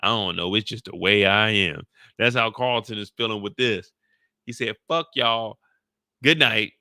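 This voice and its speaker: A man recaps a TV episode in loose, slangy, joking commentary. His voice is bright and forward. It is recorded dry, with no room echo. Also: on the low side, normal speed. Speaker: YouTube show recapper. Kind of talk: casual reaction commentary.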